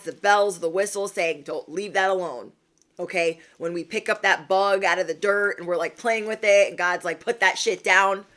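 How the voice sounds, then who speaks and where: A woman's voice: medium pitch, fairly bright tone. A young woman hosting a spiritual livestream, talking to her viewers in a sassy, slangy way and laughing often. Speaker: spiritual reader and livestream host. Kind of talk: casual livestream pep talk.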